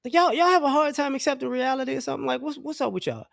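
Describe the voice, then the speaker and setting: Blunt, high-voiced middle-aged man ranting. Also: racing, gravelly, fairly bright tone, dry recording, clean studio sound. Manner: blunt, profane, rambling with restarts. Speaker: vlogger. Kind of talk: casual opinion rant to camera.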